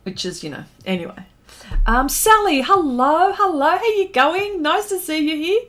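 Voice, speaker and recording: Her voice sits high with big pitch swings, a moderate pace and a bit of brightness. She's an Australian pastel artist painting on a live stream, chatting casually, reading viewers' comments aloud and thanking them.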